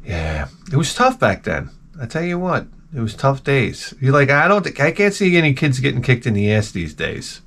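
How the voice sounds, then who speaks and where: A man's voice: medium pitch, big pitch swings, normal speed, gravelly, a bit bright. A middle-aged man telling rambling, self-mocking stories with casual swearing as a video host.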